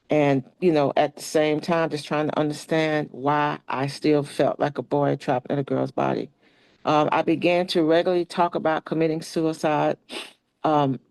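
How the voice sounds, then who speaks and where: A woman's voice: low-pitched, creaky, dry recording, poor audio. Woman telling her story, dry sound. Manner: relaxed, frequent fillers and restarts, reads poetry aloud. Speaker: interview guest. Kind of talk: personal storytelling in conversation.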